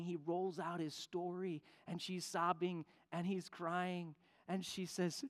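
A man preaching a sermon, telling a story with animated voices for the people in it. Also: a little high, moderate pace. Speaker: pastor. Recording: long hall reverb.

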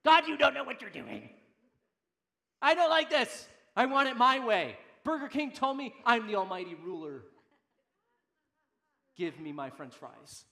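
A man preacher voicing an adult man who grumbles and demands his own way, in a loud, mock-childish, complaining tone. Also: high-pitched, fairly even intonation, normal speed, hardly any pauses, reverberant, lightly acted. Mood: whiny, complaining.

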